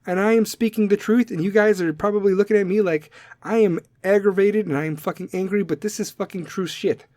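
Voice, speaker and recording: A man hosting a segment, ranting bluntly and aggressively at listeners and swearing constantly, his volume swinging between loud and soft. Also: sits high, fairly even intonation, fairly quick, no room sound. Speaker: podcast segment host. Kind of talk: profane rant to listeners.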